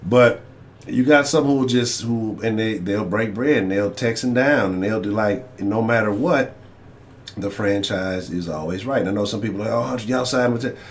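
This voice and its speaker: Man, sports talk host, rambling, profane, faint background noise. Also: on the low side. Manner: rambling, profane, addressing chat. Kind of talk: casual livestream sports talk.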